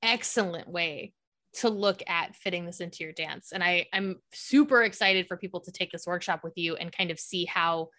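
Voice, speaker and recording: A woman's voice: on the low side, normal speed, bright, forceful tone. A woman hosting a podcast, interviewing a dance teacher in an enthusiastic, encouraging way. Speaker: podcast host.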